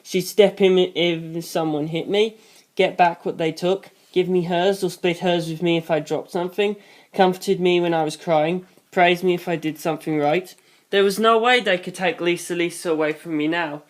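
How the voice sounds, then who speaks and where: A channel host reading a novel aloud in the first person, with dry, deadpan asides. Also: medium pitch, moderate pace.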